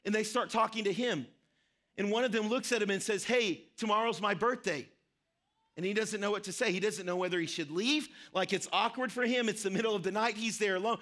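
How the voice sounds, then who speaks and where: A man's voice: sits high, fast talker, a bit bright. A man preaching a sermon, telling a story earnestly and repeating key phrases for emphasis. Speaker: pastor.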